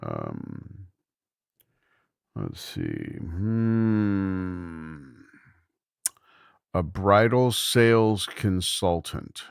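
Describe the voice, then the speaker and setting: A man's voice: low voice, sing-song, very slow, gravelly, long pauses, clear, resonant tone, no echo. A middle-aged man hosting a casual livestream from a room at home, rambling easily and thinking aloud. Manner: rambling, easygoing, thinks aloud with many restarts. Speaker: livestream host.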